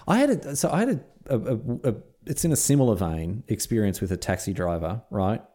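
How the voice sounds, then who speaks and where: Animated Australian man, mellow voice. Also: on the low side, fairly quick. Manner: earnest, reflective, searching for words. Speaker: podcast co-host. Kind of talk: casual chat.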